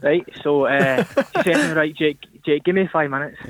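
A man's voice: on the high side, lively intonation, moderate pace, fairly bright tone, no echo. A young man calling in to a radio show, telling a story animatedly and acting out the voices in it. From Northern Ireland. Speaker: caller. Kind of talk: phone-in storytelling. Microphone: phone. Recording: tinny phone line.

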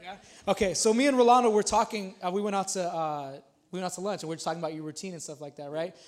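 Male pastor, thirties, very high voice; casual sermon that builds by repetition, small church. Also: fairly even intonation, very fast, darkish tone. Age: 30s. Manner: casual, repeats himself, builds to emphatic points. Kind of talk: conversational sermon.

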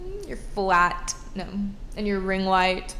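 A woman's voice: mid-range voice, big pitch swings, slow, sharp tone, a little hiss or hum. Blunt, profane woman ranting. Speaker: podcast co-host. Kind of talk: casual chat. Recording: echoey room.

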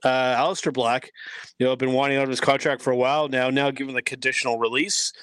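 A man's voice: medium pitch, little pitch movement, fast, a bit bright, clear, resonant tone, no room sound. A man giving his views as a guest in a casual podcast chat, rambling with many restarts. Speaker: guest commentator.

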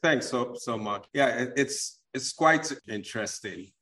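A man's voice: medium pitch, unhurried, fairly bright tone. A man hosting a podcast interview, speaking earnestly and supportively. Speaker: podcast host.

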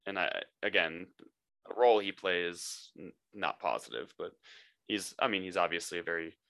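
A man's voice: sits low, normal speed, vocal fry, fairly bright tone, dry recording. A man chatting casually as a guest, hesitant and thinking aloud about a story. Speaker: guest listener. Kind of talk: casual chat.

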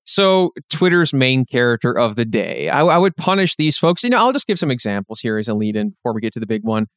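A man's voice: mid-range voice, big pitch swings, fast, a bit bright, no room sound, clean studio sound. A man co-hosting a podcast, talking in a sardonic, rambling way with lots of fillers. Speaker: podcast co-host. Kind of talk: casual podcast chat.

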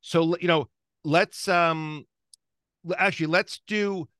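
A man hosting a podcast interview, joking and halting as he steers the conversation. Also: fairly high pitch, steady tone, fairly bright tone, no room sound, studio quality. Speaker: podcast host. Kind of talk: casual interview.

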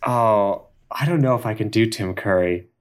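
A man improvising a comedic story in a relaxed, playful way. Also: lowish voice, normal speed.

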